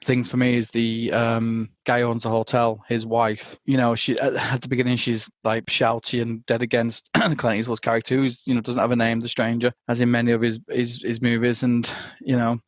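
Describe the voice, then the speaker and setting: A man's voice: mid-range voice, monotone, no echo. Man chatting about a film, dry close sound. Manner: halting, many restarts and quick laughs. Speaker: podcast guest. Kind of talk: casual film discussion.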